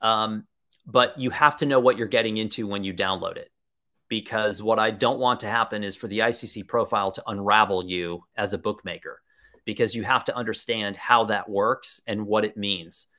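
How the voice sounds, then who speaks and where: A man's voice: fairly low pitch, moderate pace, bright, forceful tone. A man presenting a live webinar, talking in an enthusiastic, conversational way and answering viewer questions as he thinks aloud.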